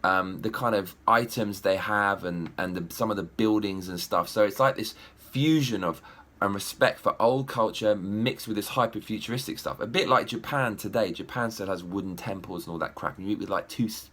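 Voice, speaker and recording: A young man giving a profane, animated ranting film review. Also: fairly low pitch, normal speed. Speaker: movie reviewer.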